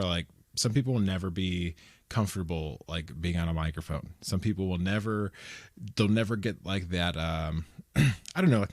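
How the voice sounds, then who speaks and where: A man's voice: deep voice, no echo. A young man hosting a podcast interview, talking casually with many fillers into a studio microphone. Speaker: podcast host.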